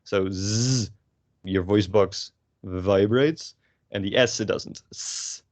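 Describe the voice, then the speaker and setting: Low-voiced Dutch man teaching casually. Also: slow pace, no room sound. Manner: relaxed, rambling, swears casually, many fillers. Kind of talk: casual language lesson.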